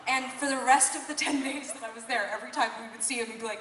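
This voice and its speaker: A woman's voice: fairly high pitch, quick pace, few pauses, very noisy. A woman singer chatting on stage between songs, telling a rambling, apologetic, self-deprecating story. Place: concert venue stage. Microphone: stage microphone through PA, filmed from the crowd. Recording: echoey hall taped from far off.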